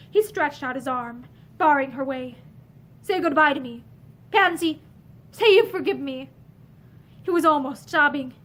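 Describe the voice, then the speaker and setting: A woman narrating a novel aloud in a measured, expressive storytelling manner, sitting indoors among bookshelves facing the camera. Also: high-pitched, a little hiss or hum.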